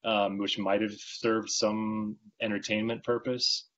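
A male magazine writer talking as a podcast guest in casual interview chat, telling rambling, animated stories with many restarts. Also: on the low side, slow pace, highs cut off, slight background noise.

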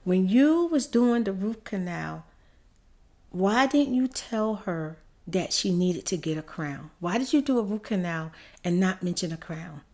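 A woman's voice: medium pitch, animated, measured pace, a little mellow. A woman quoting her friend, a pushy woman confronting a dentist with pointed questions. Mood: insistent.

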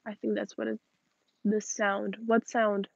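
A young woman, tired and yawning, reading viewer questions aloud and chatting back in a relaxed way on a livestream outdoors. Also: mid-range voice, unhurried, gravelly, dry recording, highs cut off. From Russian-speaking family. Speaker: livestream host. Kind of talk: casual livestream chat reading comments.

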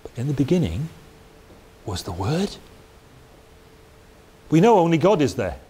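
A man's voice: on the high side, very animated, measured pace, warm tone. A man giving a Bible teaching talk in a conversational way, with chatty asides and restarts. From Wales. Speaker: preacher. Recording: faint hiss.

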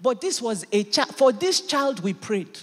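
Woman pastor, lively sermon delivery, emphatic bursts of volume, long church-hall reverb. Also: a little high, unhurried, breathy edge. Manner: animated, emphatic preaching with sudden bursts of loudness.

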